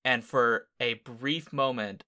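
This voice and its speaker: A man with a bright, forward voice chatting on a movie podcast. He talks in a casual, enthusiastic way, his voice jumping up when he gets excited. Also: mid-range voice, slow pace. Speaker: podcast co-host. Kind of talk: casual movie-review chat.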